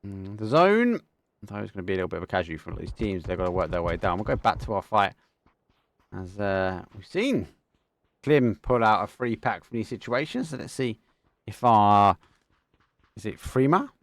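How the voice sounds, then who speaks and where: Excitable Essex man casting esports. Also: fairly low pitch, dry recording. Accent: Essex English. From England, Essex. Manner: excitable, quick bursts with slang like mate and bro. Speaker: esports caster. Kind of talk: live game commentary.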